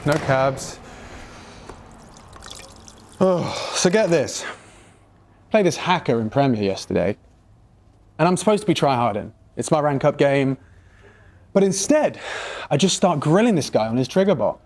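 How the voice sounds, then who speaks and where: A man's voice: fairly high pitch, sing-song, a little slow, long pauses, darkish tone. Guy ranting all worked up in a comedy bit, swears, voice jumps all over. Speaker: esports caster. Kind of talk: comedic skit rant.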